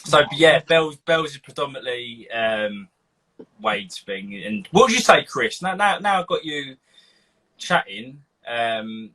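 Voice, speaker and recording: A man hosting a casual live stream, chatty and animated, acting out quotes as he tells stories. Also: medium pitch, normal speed, rough recording. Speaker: host.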